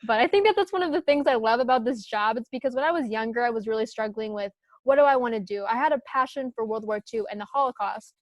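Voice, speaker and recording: Young woman guest, higher voice, dry close sound, chatty and upbeat. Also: fast, hardly any pauses, no room sound. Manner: chatty and upbeat, laughs often. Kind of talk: casual podcast interview.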